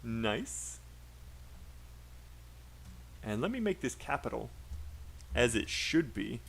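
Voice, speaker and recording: A man with a British accent leads a livestreamed pronunciation lesson, chatty and encouraging. He says sentences out loud, breaks them into short pieces and repeats each one so learners can follow the stress and rhythm. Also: mid-range voice, very animated, vocal fry, husky. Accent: British English. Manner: drills phrases by repeating them slowly for learners. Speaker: English speaking teacher.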